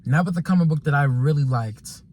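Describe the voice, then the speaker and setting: Young man, casual slang, exasperated, repetitive, higher-pitched voice. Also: a little fast, darkish tone, a little hiss or hum. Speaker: vlogger. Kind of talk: casual storytime monologue.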